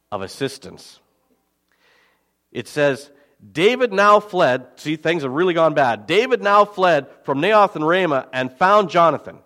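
Male pastor preaching, lively pitch, slightly high voice, big echoing hall. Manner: expressive, swings from loud emphasis to quiet asides. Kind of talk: sermon. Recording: long hall reverb.

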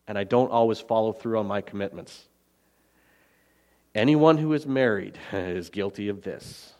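A pastor preaching a sermon in an earnest, emphatic manner, slowing down and repeating key phrases. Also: male voice, fairly high pitch.

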